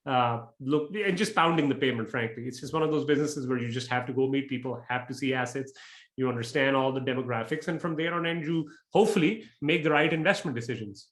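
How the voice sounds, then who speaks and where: A man giving frank, blunt interview answers as a real estate investor, talking in quick bursts. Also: mid-range voice, fairly bright tone. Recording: echoey room.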